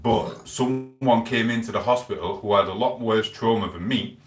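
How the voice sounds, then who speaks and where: Rambling man, low voice. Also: moderate pace, faint music behind. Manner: chatty, rambling, storytelling with lots of quoted back-and-forth. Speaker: live streamer. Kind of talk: rambling live stream chat. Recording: echoey room, voice a bit far from the mic.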